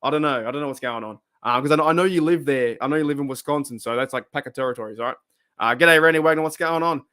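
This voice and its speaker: A man's voice: mid-range voice, fast talker, sharp tone, smooth. A middle-aged Australian man hosting a casual live stream, chatting, rambling and laughing often as he reads viewer comments.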